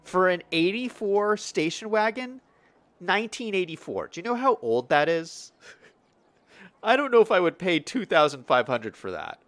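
A young man chats casually through a city-building livestream, reading viewer comments aloud. His voice sits a little high and his pitch swings animatedly. He is relaxed and talkative, full of fillers and restarts. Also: unhurried, no room sound. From Western United States. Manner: chatty, lively, reads chat aloud with frequent fillers. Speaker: streamer.

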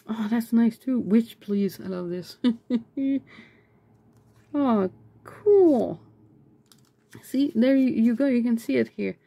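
A woman chatting casually as she unboxes sticker mail, excitable and chatty, breaking into high squeals over cute things. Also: a little slow, vocal fry. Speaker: vlogger.

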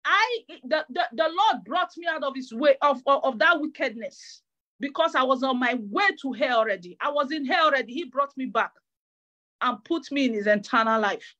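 High-pitched woman preacher; fervent sermon delivery, repetitive, stammering. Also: expressive, normal speed, sharp tone, dull audio. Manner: fervent, repeats phrases, stammering restarts.

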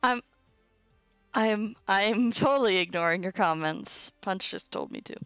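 A woman's voice: medium pitch, unhurried, a bit bright, clear, resonant tone, no echo, soft background music. A young woman teaching a casual livestream Latin lesson, chatty and informal, with asides to her chat. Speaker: Latin tutor streaming a live lesson.

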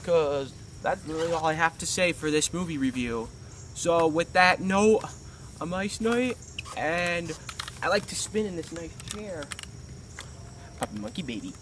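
A man's voice: a little high, a little slow, background noise. A man hosting a comic movie review with a goofy, playful manner.

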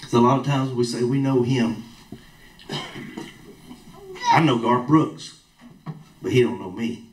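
A man's voice: medium pitch, moderate pace. Male preacher, plain-spoken storyteller, miked from afar in a church hall. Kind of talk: sermon with personal story. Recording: roomy echo from a distant mic.

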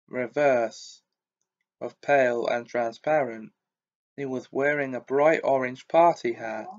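A man reading a children's storybook aloud in a slow, measured narration, on a dull lo-fi recording. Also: medium pitch, a little mellow. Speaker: audiobook reader.

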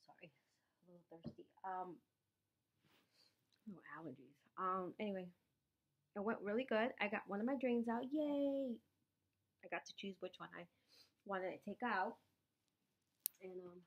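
A woman's voice: mid-range voice, measured pace, long pauses, highs cut off. A woman, vlogging at home after surgery, tired and sore, emotional and apologetic as she rambles. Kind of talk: casual personal vlog.

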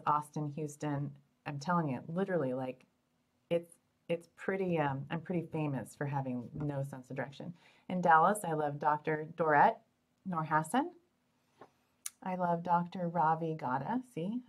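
A middle-aged woman, a fertility doctor who hosts a show, answers questions during a live Q&A. Her voice is low and her pace moderate, and she stays upbeat, chatty and joking, calling listeners "you guys."

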